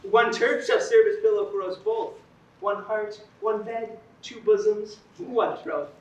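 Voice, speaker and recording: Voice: mid-range voice, a little slow, lo-fi sound, natural voice. An actor playing an ardent, fickle young male lover, declaiming verse in a stage play. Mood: tender. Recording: distant echoey stage, faint noise.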